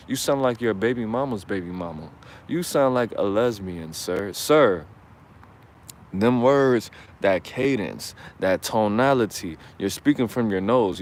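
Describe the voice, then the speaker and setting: Male vlog host giving life advice, loose and preachy, crude jokes, recorded outside with light street noise. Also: fairly low pitch. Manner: rambling, preachy, profane, joking. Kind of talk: casual commentary to camera.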